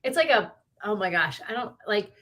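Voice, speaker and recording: A woman's voice: medium pitch, lively intonation, moderate pace, fairly bright tone. A middle-aged woman co-hosting a podcast, telling stories in a casual, rambling way with many likes and you knows. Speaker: podcast co-host. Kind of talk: casual chat.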